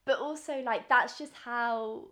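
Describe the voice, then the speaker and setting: A woman in her twenties from southern England chats on her own podcast at an unhurried, drawn-out pace. She talks loosely, trails off mid-thought and laughs often. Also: a little high, a bit bright. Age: 20s. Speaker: podcast co-host. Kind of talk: casual chat.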